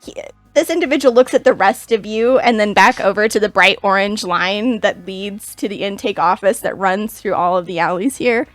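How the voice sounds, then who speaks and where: A woman narrating as game master of a tabletop game, often pausing on fillers. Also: mid-range voice, no echo, soft background music. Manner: halting, many fillers.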